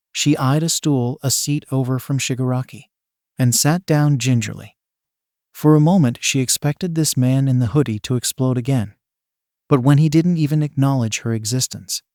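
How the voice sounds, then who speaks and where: A man narrates a story in a steady, even reading voice. His pitch is medium for a man. The sound is dry and close, with no room around it. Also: no room sound. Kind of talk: fan fiction reading.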